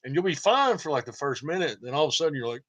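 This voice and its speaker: A man's voice: a little high, big pitch swings, rapid-fire, fairly bright tone. A man hosting his own channel, rambling and joking through a casual livestream monologue and laughing often. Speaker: channel host.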